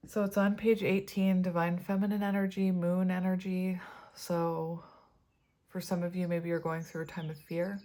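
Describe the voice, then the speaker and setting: A woman in her forties, chatting in a rambling, casual way with frequent soft laughs as she gives a tarot reading. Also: lowish voice, level tone, moderate pace. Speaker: tarot reader.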